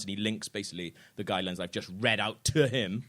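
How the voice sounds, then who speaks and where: A man's voice: lowish voice, fast, a crowd in the background. A man hosting a live comedy podcast, telling a story and reading out messages in mock voices while laughing often. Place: theatre stage before a live audience.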